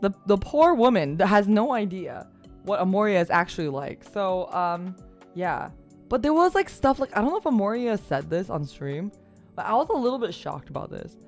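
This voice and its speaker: A woman's voice: mid-range voice, moderate pace. Young woman, casual storytelling, laughs a lot, swears, faint music underneath. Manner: animated, laughing, swears freely. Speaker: streamer.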